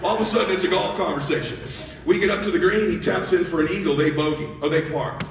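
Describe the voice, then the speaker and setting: Animated man speaking in an echoey hall. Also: high-pitched, quick pace, vocal fry, far from the mic, a little hiss or hum. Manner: animated, excitable, casually profane. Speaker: motivational speaker. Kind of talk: energetic storytelling speech.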